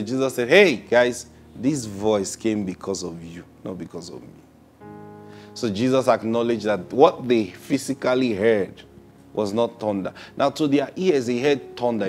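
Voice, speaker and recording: A man preaching a sermon in a middle-pitched voice. He stretches out key words and doubles back on phrases for emphasis. Faint guitar music plays behind him. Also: darkish tone. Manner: drawn-out emphatic phrasing with repetitions.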